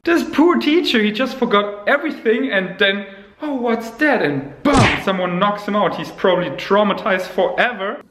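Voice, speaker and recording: A playful man talks casually to his vlog camera, his voice a bit high and very lively. The roomy home camera audio carries some echo and a faint hiss underneath. He tosses in jokey asides as he goes. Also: moderate pace, hardly any pauses. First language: German. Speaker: vlogger. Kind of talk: casual daily vlog chat. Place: home kitchen indoors.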